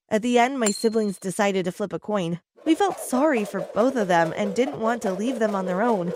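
A woman narrating an animated story in a chatty manner, speaking to the viewer. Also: mid-range voice, moderate pace, few pauses, a little hiss or hum.

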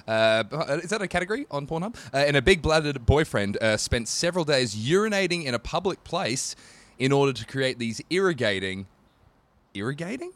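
A man's voice: mid-range voice, very animated, brisk, fairly bright tone, dry recording. A man co-hosting a podcast, joking drily and reading passages aloud in casual banter. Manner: dry, joking, reads aloud. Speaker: podcast co-host.

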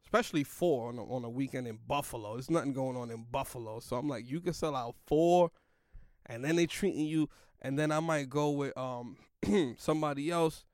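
Slangy, rambling young comedian, dry sound. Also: male voice, mid-range voice, a little fast, darkish tone, no room sound. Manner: loose, slangy, rambling, lots of "like" and "yo". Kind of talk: casual storytelling in a podcast chat.

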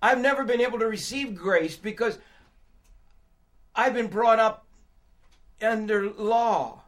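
Older male preacher, high voice, emotional testimony that drops to a hush and rises to shouts. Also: takes it slowly. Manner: swings from hushed storytelling to crying shouts. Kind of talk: sermon testimony.

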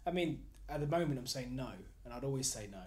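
A man with a Surrey accent chatting casually, telling stories in a rambling way with halting restarts. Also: medium pitch, a little mellow. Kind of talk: casual chat.

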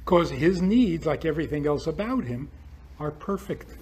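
A man's voice: on the high side, lively intonation, moderate pace, a little mellow. A man hosting a podcast, giving a spiritual talk full of rhetorical questions. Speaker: podcast host.

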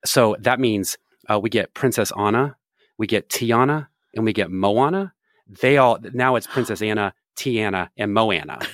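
A man's voice: on the low side, moderate pace, fairly bright tone, dry recording, clean studio sound. A man co-hosting a podcast, rambling through joking stories in casual banter. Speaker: podcast co-host.

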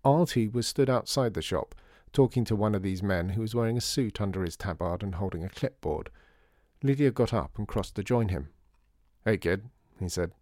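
A man narrating his own children's storybook with an even, expressive reading. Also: lowish voice, fairly quick, no echo, studio quality. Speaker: author and narrator.

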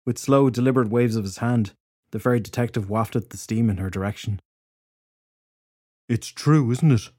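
A man narrating a fantasy audiobook in a steady, measured storytelling voice. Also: on the low side, no echo. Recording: dry close studio recording.

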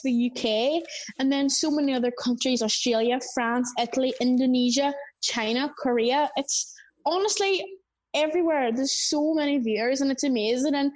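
A young woman with a Northern Irish accent, chatting enthusiastically as an interview guest. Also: sits high. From Northern Ireland. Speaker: interview guest, frog-raising creator. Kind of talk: casual interview answers.

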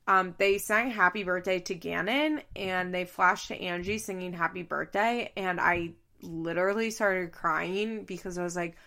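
Gravelly-voiced woman in casual recap chat. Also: lowish voice, normal speed, hardly any pauses, sharp tone. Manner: chatty, swears freely, laughs often, says "like" a lot. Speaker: reality TV recapper.

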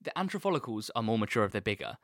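A man's voice: fairly low pitch, racing, no echo. A man chats casually in a mid-range voice with a lot of rise and fall. He is playful and likes to tease. The sound is dry and close to the mic. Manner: jokey, teasing, lively delivery. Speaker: partner and co-host. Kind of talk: casual chat.

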